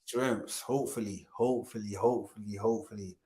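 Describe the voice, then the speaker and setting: With a lowish, dark voice, fairly even intonation, and a brisk pace, a male co-host runs a casual football fan-channel stream. He's full of jokes and laughter, repeats phrases, and hypes viewers into liking and subscribing.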